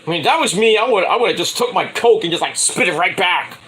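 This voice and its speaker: A man riffing on camera in a loose, rambling way, swearing freely and getting worked up. His voice sits a little high for a man, and a faint hum of room noise hangs behind him. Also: a little fast, poor audio. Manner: profane, rambling, excitable. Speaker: wrestling vlogger. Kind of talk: casual rambling commentary.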